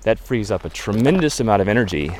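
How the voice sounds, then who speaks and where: Low-voiced man telling rambling stories. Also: big pitch swings, fast, a little mellow, slight background noise. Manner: rambling, chatty anecdotes with many fillers. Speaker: guest photographer who leads photo walks. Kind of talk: casual storytelling interview.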